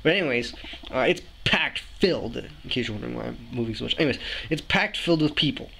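A young man from Canada, telling a story to his camera indoors in an animated, exasperated way. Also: medium pitch, fast, vocal fry, a little hiss or hum, poor audio. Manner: animated, ranting, exasperated asides. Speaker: vlogger. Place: indoors, room with a window. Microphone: camera mic, talking to camera.

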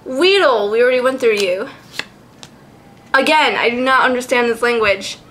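A woman vlogger chatting casually, giggly and excitable, swearing freely as she goes. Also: a little high, moderate pace, a little hiss or hum. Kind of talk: casual chat.

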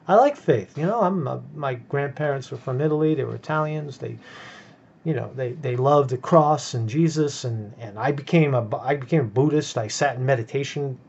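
A man's voice: medium pitch, normal speed, gravelly, a little mellow, slightly rough. A man ranting in commentary about videos he plays. He stammers, repeats words and keeps asking "right?". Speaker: vlogger. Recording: dull lo-fi sound.

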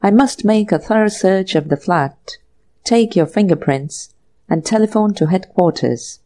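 Woman voicing a polite, good-humoured inspector for an audiobook, respectful, raised and warm in tone. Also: mid-range voice, lively intonation, a little slow, lightly acted. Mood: courteous. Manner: respectful, courteous.

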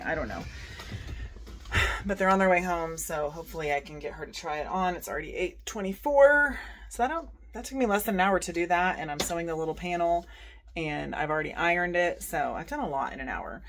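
A woman's voice: on the low side, slight background noise. A woman, vlogging casually at home while she sews, chatty and rambling with self-deprecating asides. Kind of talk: casual chat. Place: at home sewing.

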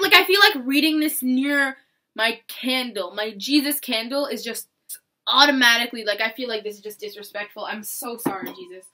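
A young female YouTuber reads fan fiction aloud over background music, reacting dramatically with shrieks and disbelieving laughter. Her voice is a little high, pushed and bright.

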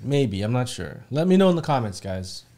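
A man's voice: medium pitch, very animated, normal speed, mellow. A man co-hosting a movie reaction, chatting casually and laughing as he explains things loosely. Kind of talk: casual chat.

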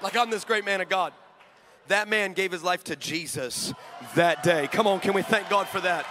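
A young man preaching a sermon to a live audience, telling a story with animated swings between shouting and hushed asides. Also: high-pitched, normal speed, noisy background. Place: large hall with live audience.

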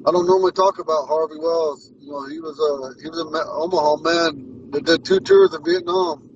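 Speaking at a normal speed with fairly even intonation, a slightly high-voiced man in his forties rambles through stories in a casual language lesson, repeating and restarting. He's a language teacher. Recorded far from the mic, he sounds muffled, with slight background noise.

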